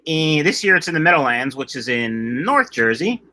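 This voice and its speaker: A middle-aged man hosts a relaxed fish-keeping livestream, reading viewer comments with jokes and wandering off topic as he chats. His voice is on the high side, swings widely in pitch, and sounds pushed and bright at a normal speed.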